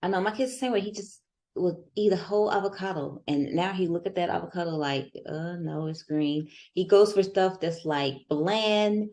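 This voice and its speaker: Low-voiced woman hosting a podcast. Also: normal speed, darkish tone. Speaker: podcast host. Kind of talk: casual podcast interview.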